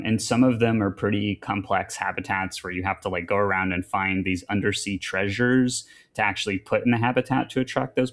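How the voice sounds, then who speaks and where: A man talks through a game review on a podcast in a fairly low voice. He rambles, circling back with fillers and restarts. The chat stays loose and casual.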